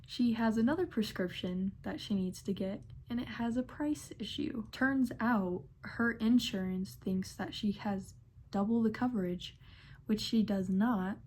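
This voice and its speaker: Slow, sassy young woman telling stories. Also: mid-range voice, darkish tone. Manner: sassy, exasperated. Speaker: pharmacy technician. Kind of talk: storytime vlog narration.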